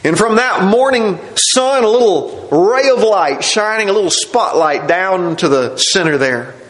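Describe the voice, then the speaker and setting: A man's voice: sits high, animated, unhurried, fairly bright tone, echoey room, rough recording. A man preaching a sermon, telling the story dramatically and acting out the scenes.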